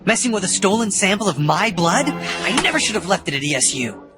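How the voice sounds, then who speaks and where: A man's voice: high-pitched, big pitch swings, a little fast. An actor playing a hungry, menacing male vampire in a cartoon clip, speaking with dramatic menace. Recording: cartoon clip with loud music.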